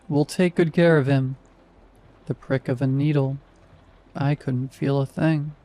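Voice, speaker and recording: A man tells a scripted horror story in the first person, calm and measured. His voice is mellow and warm, sitting at an ordinary middle pitch.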